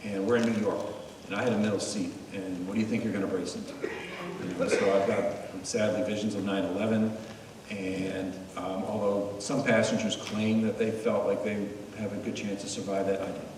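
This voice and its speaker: A man's voice: fairly low pitch, level tone, normal speed, noisy background. A middle-aged man giving a talk, telling his story earnestly with wry humor. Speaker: guest speaker. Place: meeting hall. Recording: echoey hall, mic far off.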